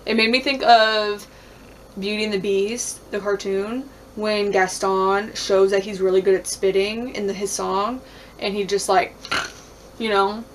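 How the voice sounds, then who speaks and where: With a medium-pitched, level voice and an unhurried delivery, this woman talks through a reality show in a laid-back vlog. She's blunt and profane, leans heavily on "like," and laughs frequently, while a little hiss or hum sits under the audio.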